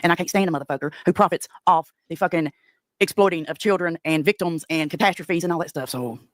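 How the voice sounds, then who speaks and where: A woman's voice: lowish voice, quick pace, no room sound, clean studio sound. A woman with an East Tennessee accent ranting on a livestream in a brash, profane Southern drawl. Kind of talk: profane confrontational livestream rant.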